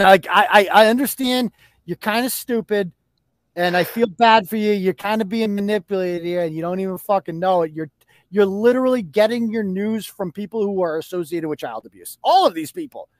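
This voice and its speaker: A man's voice: high voice, normal speed, no echo. A man hosting a podcast, ranting in a profane, combative and mocking way. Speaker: host. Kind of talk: heated podcast rant.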